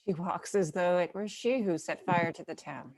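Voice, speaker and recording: Lowish voice, a woman doing a moody sister hushed and confiding. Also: moderate pace, close to an everyday voice. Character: brooding middle sister with a secret. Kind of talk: cold-read stage drama. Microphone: video call.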